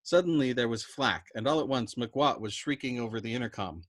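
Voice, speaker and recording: A man with a mid-range voice reads a novel aloud as a storyteller. His reading is expressive and animated. The sound is dry and close, with no room echo. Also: mid-range voice, brisk, few pauses.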